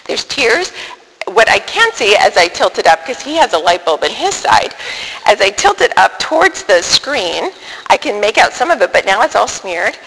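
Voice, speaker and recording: A woman tells a personal story in an animated, self-deprecating way, often breaking off and restarting mid-sentence. Her voice is bright and crisp with a gravelly edge, at a middle pitch. The sound has a long hall echo over faint background noise. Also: normal speed.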